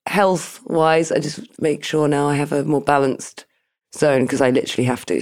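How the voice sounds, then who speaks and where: A woman's voice: sits low, fairly even intonation, normal speed, a little mellow. Woman chatting in an interview, jokey and self-deprecating, laughs a lot. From Britain. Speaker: interview guest. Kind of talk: casual interview chat.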